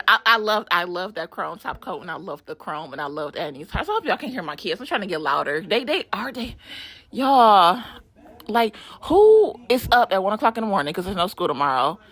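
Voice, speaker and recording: A middle-aged woman giving a casual, animated voiceover for a nail art vlog, laughing and swearing as she chats from a room at home. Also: mid-range voice.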